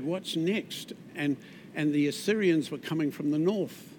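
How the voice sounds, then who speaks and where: A man with a New Zealand accent preaching a sermon in a conversational way, with asides and restarts, often dropping soft on key words. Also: a little high, unhurried, slight background noise.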